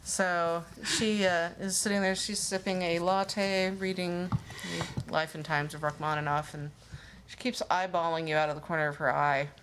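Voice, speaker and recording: A woman's voice: on the low side, steady tone, normal speed, a bit bright, slight background noise. A woman narrating a tabletop role-playing scene as game master, casual and full of fillers. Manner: casual, hesitant, many fillers.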